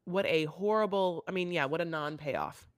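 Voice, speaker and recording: A woman co-hosting a podcast in casual chat, rambling through an animated retelling full of fillers. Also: fairly low pitch, normal speed, no room sound, clean studio sound. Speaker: podcast co-host. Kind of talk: casual chat recapping a reality show.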